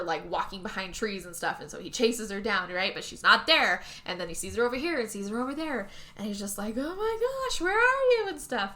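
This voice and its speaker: A woman co-hosting a podcast, recapping a movie in casual chat and acting out the characters as she goes. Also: mid-range voice. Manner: animated retelling, acting out characters with swearing and laughs. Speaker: podcast co-host.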